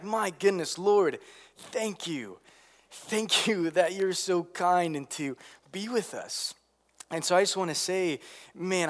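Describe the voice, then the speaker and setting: A young man preaching as a pastor, earnest and animated, with many fillers and restarts. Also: a little high. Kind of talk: sermon.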